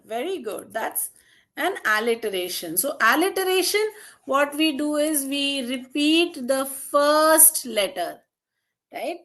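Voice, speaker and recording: Woman, online teacher: encouraging, slow and deliberate, bright tone. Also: sits high, big pitch swings. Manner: encouraging, praises students by name and asks the class questions; slow and deliberate, draws out key terms and examples. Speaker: English teacher. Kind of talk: online exam-prep lesson.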